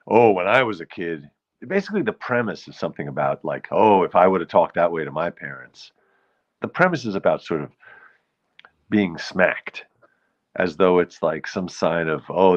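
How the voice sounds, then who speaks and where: Hosting a casual live stream, this Bronx-born man speaks with a New York accent in a low register, and the audio is dull. Between thoughts, he wanders off on tangents and says hello to his viewers.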